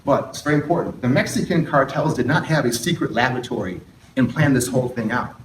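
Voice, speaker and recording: A middle-aged therapist speaks expressively and quickly at medium pitch, with a little hiss or hum in the audio. His candid talk on addiction recovery is full of questions for the room and sarcastic asides. The recording picks up a roomy hall from far away.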